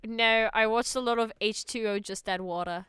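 A woman's voice: fairly high pitch, fairly even intonation, moderate pace, fairly bright tone, smooth. A young woman from Canada co-hosting a podcast in casual, playful chat. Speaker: podcast co-host.

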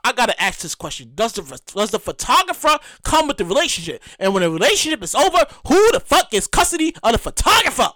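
A man's voice: very high voice, fast, hardly any pauses, no room sound. A young man hosting a show, delivering a rambling, profane, comedic rant. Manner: rambling, repetitive, profane, excitable. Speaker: podcast host.

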